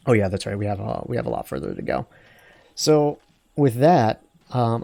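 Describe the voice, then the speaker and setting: A man's voice: mid-range voice, mellow, no echo. A man hosting a let's play, talking through his game in a rambling, digressive, self-deprecating way. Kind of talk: casual gameplay commentary.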